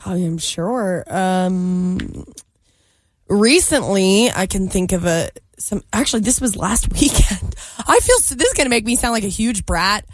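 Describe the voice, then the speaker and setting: A woman's voice: medium pitch, animated, a little slow, no echo. A young woman co-hosting a morning radio show, telling a story in casual chat, full of "like" and little laughs. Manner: chatty, storytelling, lots of likes and laughs. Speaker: radio co-host.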